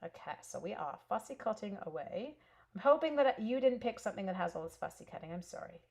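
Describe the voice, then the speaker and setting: A woman's voice: medium pitch, animated, quick pace, gravelly, a little mellow. A talkative woman in her forties from Canada, chatting through a live stamping session. She tells stories at length and answers viewers by name as she goes. Her voice sits in a middle register. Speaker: crafter and schoolteacher hosting a stamping stream. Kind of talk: casual live craft stream chat.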